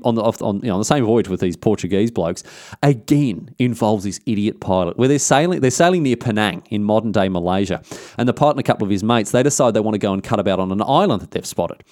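A man's voice: lowish voice, a little mellow, no room sound, studio quality. A man with an Australian accent telling a history story in a casual, irreverent, slangy way. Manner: irreverent and slangy, quick to joke.

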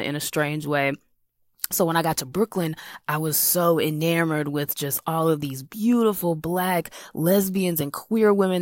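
Low-voiced woman from South Carolina. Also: no room sound, studio quality. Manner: chatty, fillers like "you know". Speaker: comedian. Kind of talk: personal storytelling.

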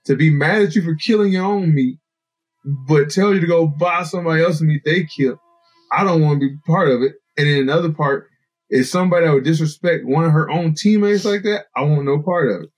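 A man guest on a podcast, telling casual stories with a voice a bit above the usual pitch. He animates his anecdotes by acting out the people he talks about. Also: a little fast, breathy edge, faint music behind, low-quality recording. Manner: animated, acts out quoted people. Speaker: podcast guest, fighter and bowhunter. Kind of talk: casual storytelling.

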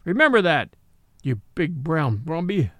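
A cocky army mule from a storybook, always ready to argue and full of bluster. A man voices him high and springy, with pitch swinging up and down. The recording is dry and close. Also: big pitch swings, a little slow, no room sound. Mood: indignant. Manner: blustering, indignant.

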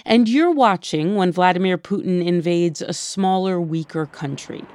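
A woman hosting a podcast, narrating from a script and interviewing in a measured, deliberate way. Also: on the low side, a little mellow, slight background noise. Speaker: podcast host.

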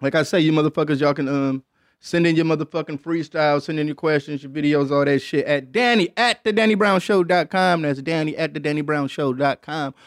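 A man's voice: fairly high pitch, brisk, no echo, clean studio sound. A man hosting a casual podcast, talking loosely and profanely and laughing often as he rambles. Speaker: podcast host.

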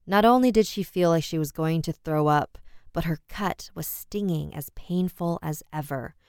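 A woman narrating a scripted horror story, measured and dramatic. Her voice is low, smooth and resonant. The recording is dry and close, with no room sound. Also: darkish tone, dry recording.

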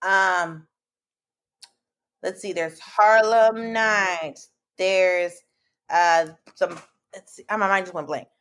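With a fairly low, steady, slightly bright voice, this woman takes it slowly and leaves long pauses. As a guest, the comedian and podcast host plays up her reactions in an animated casual chat, saying "like" and "girl" a lot.

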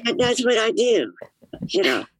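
A woman's voice: a little high, big pitch swings, moderate pace, no echo, low-quality recording. A woman guest on a podcast, talking through ideas in a thoughtful, musing way with many fillers. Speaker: guest, disability activist. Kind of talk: casual podcast chat.

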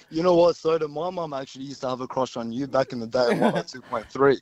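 A man from Syria calling a radio show, friendly and a bit halting, laughing. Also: mid-range voice. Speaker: caller.

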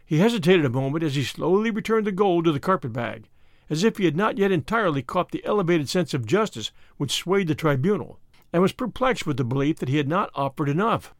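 A man narrating a classic short story in a measured, expressive audiobook reading. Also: fairly high pitch, no echo, clean studio sound.

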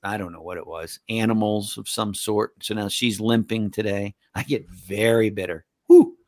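A man's voice: on the low side, steady tone, moderate pace, a little mellow, dry recording. Blunt rambling middle-aged man, dry sound. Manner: blunt, rambling, swears freely. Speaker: co-host of a sports betting podcast. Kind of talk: casual chat.

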